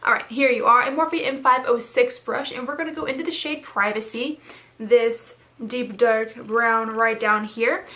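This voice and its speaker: A young woman with a bright, somewhat high voice talks her way through a makeup tutorial in a loose, rambling way, full of fillers. Her throat sounds a little hoarse. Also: fairly even intonation, moderate pace. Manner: chatty, rambling with many fillers. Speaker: beauty vlogger. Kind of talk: casual makeup tutorial chat.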